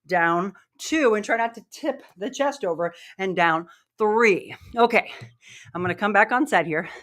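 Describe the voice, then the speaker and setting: A woman's voice: medium pitch, measured pace, fairly bright tone. A middle-aged woman leading a live workout lesson, upbeat and coaching, out of breath as she demonstrates the moves. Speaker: fitness instructor.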